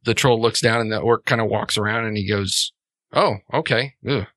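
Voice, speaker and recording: A man narrating a tabletop role-playing game as game master, relaxed and rambling. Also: lowish voice, fairly quick, no room sound.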